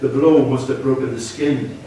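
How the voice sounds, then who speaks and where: A Northern Irish man in his sixties from Belfast, an author reading his fiction aloud in a measured, low-key way. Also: fairly even intonation, dark tone, slight background noise. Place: lecture hall at a reading event. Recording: echoey hall, from far off.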